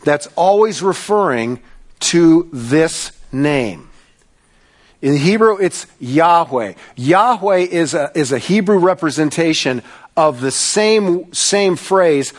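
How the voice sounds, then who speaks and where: A man pastor delivering a sermon, earnest, with slow emphatic pauses. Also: fairly high pitch.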